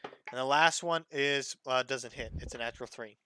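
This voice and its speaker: A man's voice: mid-range voice, moderate pace, pushed and bright, slight background noise. A man acting as dungeon master, casually narrating a tabletop game with plenty of fillers.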